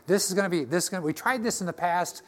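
A man's voice: sits high, fast talker, a bit bright. Folksy older man preaching. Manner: folksy, joking, checks in with "okay?". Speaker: pastor. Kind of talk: sermon. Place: church sanctuary.

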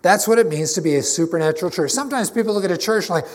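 Man, pastor, sermon, emphatic and conversational, fairly high voice. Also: racing, few pauses. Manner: conversational, emphatic preaching with frequent restarts.

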